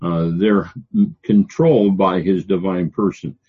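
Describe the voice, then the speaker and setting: An older man teaching a Bible lecture, pausing often on fillers as he explains word meanings. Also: low voice, fairly even intonation, breathy edge. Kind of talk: classroom theology lecture. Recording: dull lo-fi lecture recording.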